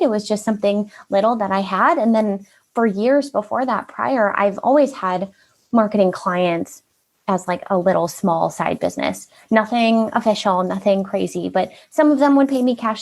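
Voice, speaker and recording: A woman in her thirties, a marketing consultant guest, chatting casually in a bubbly, upbeat way with a naturally high-pitched voice. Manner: bubbly and upbeat, often laughs. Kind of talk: casual interview chat.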